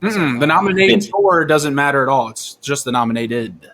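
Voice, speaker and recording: A man with a slightly high voice runs the game as storyteller over a voice call. He announces nominations and vote counts in a brisk, procedural way, talking into a computer mic. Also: lively intonation, fairly bright tone. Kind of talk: running a live-streamed game over voice chat.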